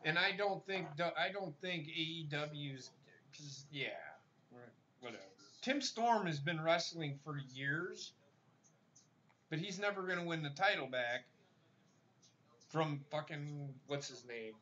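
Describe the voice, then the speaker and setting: Brief: blunt, profane male podcast host with a bright voice, recorded on a muffled lo-fi mic. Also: on the high side, slow, slight background noise. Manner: blunt and profane, stammers when starting a point. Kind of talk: casual wrestling chat.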